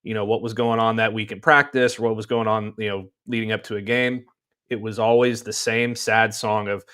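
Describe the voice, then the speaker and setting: A man's voice: fairly low pitch, flat delivery, brisk, pushed and bright, smooth. A man co-hosting a sports talk show, talking casually and circling back on his points. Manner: rambling, many restarts and fillers.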